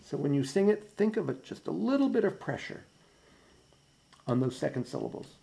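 Gravelly man leading choir practice. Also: on the high side, sing-song, normal speed. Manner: counting in beats over piano. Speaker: choir director. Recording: recording with loud piano playing.

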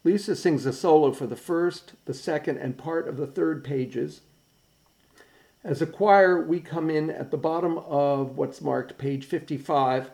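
A man's voice: a little high, a little slow, creaky. A man directing a choir practice, giving instructions and counting in beats over the piano. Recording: recording with loud piano playing.

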